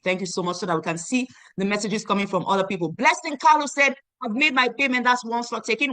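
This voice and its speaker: A woman in her thirties from Nigeria, hosting an online meeting and giving an emphatic, repetitive sales pitch that urges listeners to act now. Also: a bit bright, no room sound. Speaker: online meeting host selling a program. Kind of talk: motivational sales pitch on a video call. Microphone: video call.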